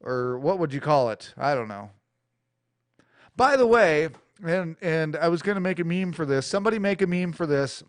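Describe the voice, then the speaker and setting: It's a profane talk-radio rant: an American man running a small studio radio show rambles bluntly and crudely at a moderate pace. His slightly high voice is animated, captured dry on a studio mic with adjustable EQ.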